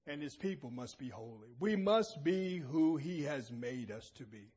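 A man's voice: mid-range voice, animated, unhurried, darkish tone, slightly rough, lo-fi sound. A man preaching a sermon, emphatic and calling out questions to the congregation in a church assembly.

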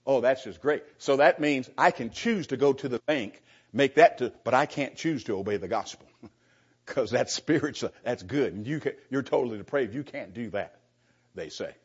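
A man's voice: medium pitch, expressive, moderate pace, slightly rough, lo-fi sound. A man preaching informally to a Bible class, sarcastic and chuckling, speaking straight to the people in the room.

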